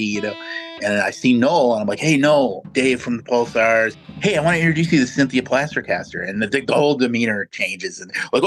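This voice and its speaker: A man's voice: on the low side, fairly quick, fairly bright tone, poor audio. A man telling a casual anecdote, quoting the people in it. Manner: laughing, quotes people in his story. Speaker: guest musician. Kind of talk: casual storytelling.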